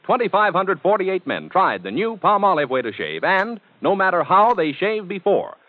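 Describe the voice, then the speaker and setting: A man's voice: sits high, big pitch swings, normal speed, no room sound. A man announcing a 1940s radio commercial in an emphatic, punchy sales read. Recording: dry tinny 1940s radio.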